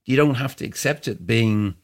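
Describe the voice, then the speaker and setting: A man's voice: medium pitch, lively intonation, moderate pace. A man, a musician guest in an interview, talking reflectively and searching for words with frequent restarts. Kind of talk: casual interview conversation.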